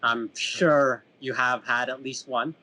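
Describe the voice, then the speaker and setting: A man's voice: mid-range voice, steady tone, takes it slowly, sharp tone. A man in his thirties from Canada hosting a casual podcast, telling a story with many restarts and self-mocking laughs. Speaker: podcast host.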